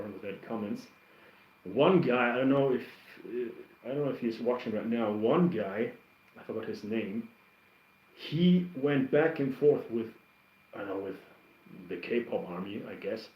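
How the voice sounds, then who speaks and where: A man's voice: mid-range voice, normal speed. Rambling man chatting on a roomy stream. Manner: rambling, animated storyteller with many restarts. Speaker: livestream host reacting to music. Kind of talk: casual livestream chat answering comments. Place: home. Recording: roomy, somewhat dull stream audio.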